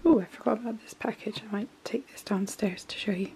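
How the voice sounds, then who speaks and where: A young woman from the UK whispering quietly in a child's bedroom so as not to wake a sleeping child, in a whispered role-play style. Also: medium pitch, brisk, slight background noise.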